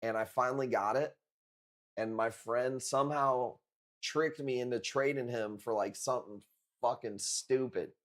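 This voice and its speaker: A man hosts a live coral sale. He talks in a laid-back, unhurried way, swears often and leans on street slang, with his voice sitting at an ordinary middle pitch. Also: fairly even intonation, fairly bright tone. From Chicago. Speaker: live-stream coral seller. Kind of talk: casual live-stream chat.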